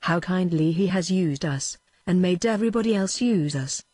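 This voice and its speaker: A text-to-speech British woman's voice reading the lines of a humble, grateful poor cottage wife, effusive in words but flat in delivery. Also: on the low side, moderate pace, no echo. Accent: British English.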